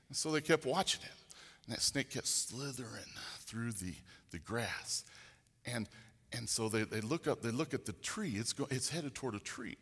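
A man's voice: mid-range voice, animated, moderate pace, a bit bright, slightly rough, big-room sound. A man preaching a sermon, telling a story in a rambling, folksy way with frequent restarts. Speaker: pastor.

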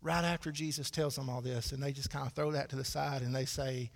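Male pastor, 30s, gravelly, folksy sermon delivery, church hall reverb. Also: mid-range voice, fairly even intonation, brisk. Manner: folksy, conversational preaching with dry asides. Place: church sanctuary.

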